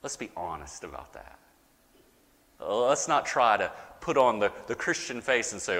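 A man preaching a sermon as pastor, with dramatic pauses and rising, emphatic repetition. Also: lowish voice, very animated, a bit bright, long reverb tail.

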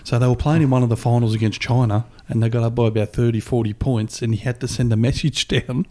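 A man's voice: medium pitch, steady tone, fast, mellow. A man in casual chat, rambling through a story and laughing often. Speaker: podcast co-host.

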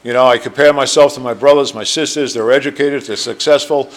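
A man's voice: medium pitch, steady tone, a little fast. A man in his sixties with a New Jersey accent, sharing his life story at a recovery meeting in a rambling, earnest way full of fillers. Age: 60s. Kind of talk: personal testimony talk. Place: meeting room.

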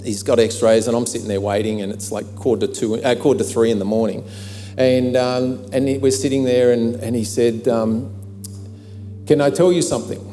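A man's voice: mid-range voice, flat delivery, normal speed, warm tone. A middle-aged man preaching a sermon, telling a personal story in a chatty way with many fillers. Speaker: pastor. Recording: long hall reverb, faint music.

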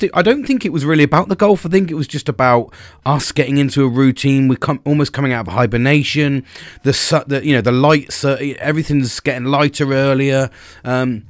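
A British man in his forties talks through a loose solo podcast monologue, swearing easily and tripping over his own restarts. His voice sits at an ordinary middle pitch, and the recording is close and dry, with almost no room sound. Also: no echo. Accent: British English. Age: 40s. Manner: rambling, sweary and self-interrupting, with bursts of emphasis. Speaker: podcast host.

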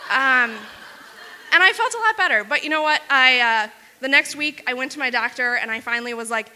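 A woman from Wisconsin telling a self-mocking story on stage, fast and full of "like". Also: high voice, expressive, pushed and bright, big-room sound. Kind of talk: live comic storytelling.

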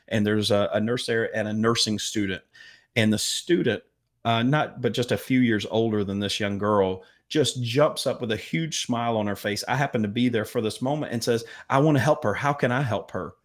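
A man telling a story as a guest in an interview, earnest and halting with fillers. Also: fairly low pitch, fairly even intonation. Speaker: medical missions guest.

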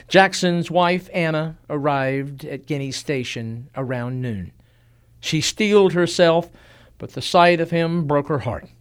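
A man's voice: a little high, clean tone. Solemn male history narrator. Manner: solemn, measured, lingering pauses.

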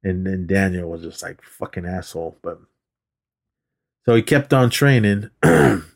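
A man's voice: low-pitched, expressive, a little slow, creaky. A man casually recapping a movie on a podcast, rambling and acting out the characters' lines. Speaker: podcast co-host.

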